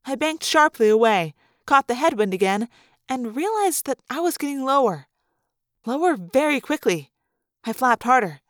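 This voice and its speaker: High-voiced woman reading a story aloud. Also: moderate pace, no echo, studio quality. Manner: expressive, acting out scenes. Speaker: audiobook reader. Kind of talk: first-person story narration.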